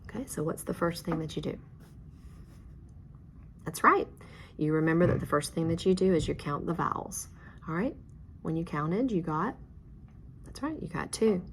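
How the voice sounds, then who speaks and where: A woman's voice: sits low, expressive, moderate pace, long pauses, slight background noise. A woman teacher guiding a student step by step through a reading lesson, patient and encouraging, sometimes dropping to a whisper.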